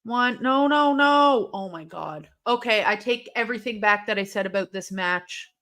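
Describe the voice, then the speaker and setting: A young woman hosting a live watch-along stream, reacting aloud to a match with excitable, swearing commentary. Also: mid-range voice, normal speed. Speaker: livestream host.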